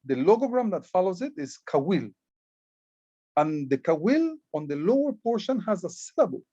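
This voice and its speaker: A Belizean-accented man talks through a presentation on ancient glyphs, earnest and patient, often doubling back on his words. His voice sits a little high for a man. The sound is dry and somewhat dull, like a close mic with muffled highs. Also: big pitch swings, normal speed, warm tone, no room sound. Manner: earnest, repeats words while explaining. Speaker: Maya writing club educator and guide. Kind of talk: presentation explaining hieroglyphs.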